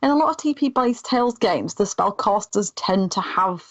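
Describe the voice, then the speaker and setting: A woman's voice: medium pitch, lively intonation, normal speed, no room sound, lo-fi sound. A woman chatting enthusiastically on a game podcast panel. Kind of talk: casual panel chat.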